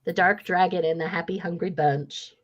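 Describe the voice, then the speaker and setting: A woman's voice: lowish voice, fairly even intonation, moderate pace. A woman hosting a casual book club chat, gushing and acting out characters' lines. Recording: muffled lo-fi audio.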